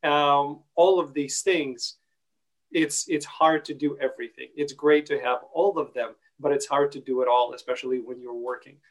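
A man hosting an interview, asking long rambling questions in an easygoing way with many pauses. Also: mid-range voice, fairly even intonation, poor audio. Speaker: interviewer and actor.

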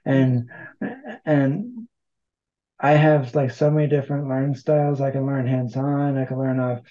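A man's voice: medium pitch, steady tone, measured pace, mellow, lo-fi sound. A man talking casually as an interview guest, rambling and poking fun at himself. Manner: rambling, self-deprecating humor. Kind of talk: casual conversation.

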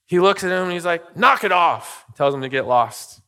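In a church sanctuary with the long reverb of the hall, a middle-aged pastor preaches a sermon, his voice a little high, expressive, fairly quick and a bit bright. He talks casually and tells personal stories, often checking in with "okay?" and "right?".

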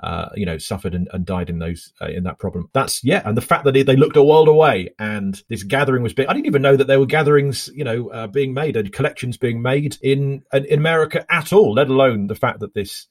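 A man speaks as a podcast guest in relaxed, casual chat. He talks quickly and restarts his sentences often as he thinks aloud. His voice has a slightly husky grain. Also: mid-range voice. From Britain. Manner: quick, chatty, self-interrupting. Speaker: podcast guest, comedian and writer.

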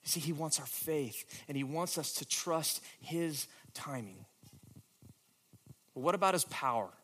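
A man preaching a sermon with a dramatic delivery that moves between hushed, quiet moments and emphatic, louder questions. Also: on the high side, animated, a little slow, slight background noise. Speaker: pastor.

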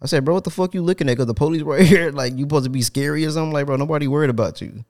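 A man hosting a casual podcast, telling an animated, profane story with laughter. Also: fairly high pitch, rapid-fire. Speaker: podcast host.

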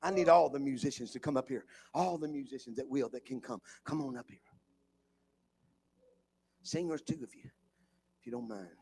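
A man preaching a fervent revival sermon in a church, building from steady talk up to shouting. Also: mid-range voice, moderate pace, pauses often, breathy edge. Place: church with live congregation.

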